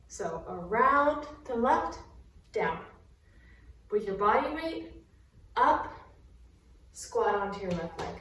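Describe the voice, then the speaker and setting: A woman's voice: mid-range voice, lively intonation, takes it slowly, pauses often, a bit bright, heavy reverb, distant mic, rough recording. A young woman teaching a dance class, explaining the moves and breaking into counts and sung beats. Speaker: dance instructor. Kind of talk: counting and scatting through dance steps.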